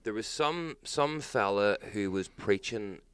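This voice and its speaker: A Northern Irish man co-hosting a casual podcast chat, telling animated stories, swearing freely and mimicking people loudly. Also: lowish voice, slow, clear, resonant tone, no room sound. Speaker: podcast co-host.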